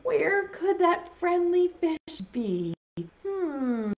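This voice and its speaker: A woman's voice: high voice, very animated, slow pace, muffled recording. A young woman teaching a virtual preschool class, playful and encouraging, praising children's guesses in a sing-song way.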